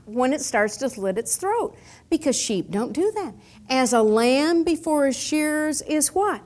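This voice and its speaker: An animated woman with a high, widely swooping voice teaches a Bible lesson using props, acting out the scenes. She keeps things playful with chuckling asides, speaking a little slowly.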